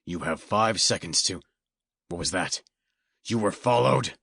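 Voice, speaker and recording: A man voicing a cold, ruthless hooded male stranger in an audiobook, speaking in a low, heavy, threatening snarl. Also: animated, unhurried, vocal fry, fairly bright tone, breathy edge, no room sound, full character voice. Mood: menacing. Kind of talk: audiobook character voice.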